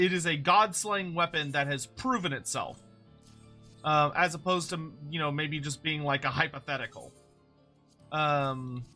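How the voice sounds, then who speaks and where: Bright-voiced male streamer. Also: fairly high pitch. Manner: rambling, many fillers. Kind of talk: casual gameplay commentary.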